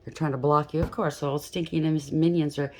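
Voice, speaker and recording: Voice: medium pitch, flat delivery, fast talker, slight background noise. A tarot reader giving a reading in an emphatic, blunt way, often checking in with the listener and restarting sentences on the fly. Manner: loose and spontaneous, with frequent restarts.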